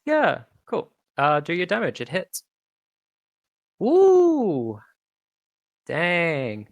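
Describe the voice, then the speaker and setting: Tabletop game master, laid-back, hesitant, unhurried, dry sound. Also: mid-range voice, wildly swooping pitch, no room sound.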